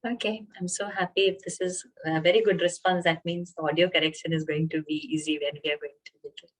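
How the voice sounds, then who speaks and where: A woman teaching an online chanting class, patiently explaining pronunciation and chanting slowly over a video call. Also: low-pitched, steady tone, slightly rough.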